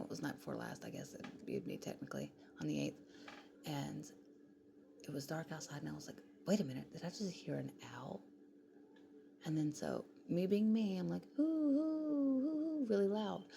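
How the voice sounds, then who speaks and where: Gravelly low-voiced woman vlogging. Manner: rambling, often drops to a whisper. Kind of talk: casual late-night vlog chat. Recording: clear background noise.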